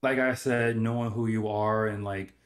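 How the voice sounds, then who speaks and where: A man co-hosting a casual podcast, speaking softly and hedging his words with lots of "like". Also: on the low side, fairly even intonation, normal speed, roomy sound. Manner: soft-spoken, hedging with "like".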